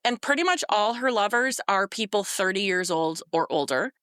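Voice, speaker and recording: A woman's voice: mid-range voice, lively intonation, moderate pace, a bit bright, clean tone, no room sound, clean studio sound. A woman co-hosting a podcast, recapping a novel in casual chat, sarcastic and exasperated, swearing freely. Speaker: podcast co-host.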